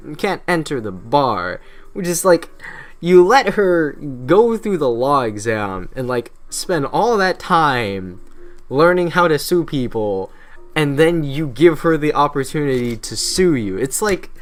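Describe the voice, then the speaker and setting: With a slightly high, fairly bright voice, a young man walks through history irreverently and casually. He curses all the time and slips into mocking impressions of historical figures.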